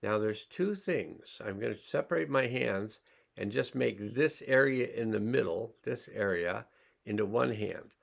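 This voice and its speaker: A man teaching a healing class, slowly and calmly talking listeners through sensing their body and emotions. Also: lowish voice, vocal fry. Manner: slow, calm, pausing, guiding listeners' awareness. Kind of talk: slow guided healing demonstration.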